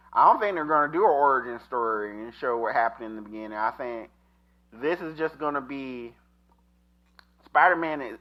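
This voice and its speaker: A man at an ordinary pitch gushes through a casual movie review, rambling and stopping to restart his thoughts with plenty of ums. The recording sounds slightly muffled and lo-fi, with the top end dulled. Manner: enthusiastic and rambling, with frequent fillers and restarts. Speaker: movie review show host.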